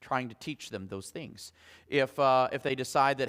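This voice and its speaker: Bright-voiced pastor preaching in a reverberant church. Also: male voice, mid-range voice, normal speed. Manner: conversational, many restarts, quotes his own family talk. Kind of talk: sermon. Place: church sanctuary.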